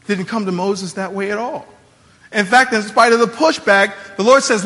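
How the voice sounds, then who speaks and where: A man's voice: high-pitched, steady tone, moderate pace, sharp tone, in a large hall. A man preaching a sermon as a pastor, in a casual, conversational way with slangy asides.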